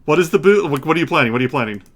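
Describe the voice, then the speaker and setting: A man's voice: a little high, expressive, racing. A man running a tabletop game on a livestream, joking and exasperated, with some swearing. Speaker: game master.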